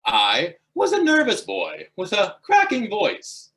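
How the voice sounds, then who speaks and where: A man's voice: high-pitched, slow pace, vocal fry. A man telling a humorous true story as a guest speaker at a speaking club, building to punchlines. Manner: animated, punchline-driven storytelling.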